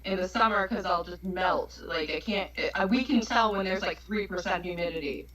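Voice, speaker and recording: A woman from New York chatting on a voice call in a relaxed, laughing, self-mocking way. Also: lowish voice, moderate pace, a crowd in the background. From New York, United States. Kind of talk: casual voice chat. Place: online voice call.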